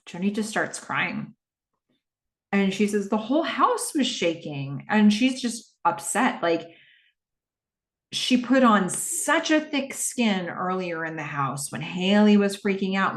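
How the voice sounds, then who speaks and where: A woman's voice: medium pitch, reverberant. Chatty woman recapping a TV episode. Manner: chatty, animated retelling with many fillers. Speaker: podcast host. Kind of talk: casual TV rewatch recap.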